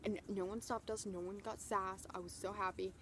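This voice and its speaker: A young woman vlogging, telling an excited story in a gushing, breathless way, full of "like" and "oh my gosh". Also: mid-range voice, moderate pace, a little hiss or hum.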